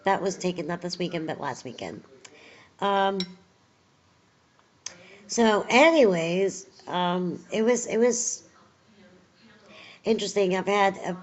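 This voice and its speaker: Tired woman rambling slow in a home vlog, lots of ums, kinda muffled lo-fi audio. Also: mid-range voice, lively intonation. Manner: chatty, rambling, many fillers. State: recovering from surgery, tired. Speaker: vlogger. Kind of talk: casual video update.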